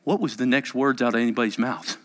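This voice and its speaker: A male pastor preaching a sermon dramatically, moving between loud urgency and hushed near-whispers. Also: mid-range voice, fairly even intonation, fast talker, in a large hall.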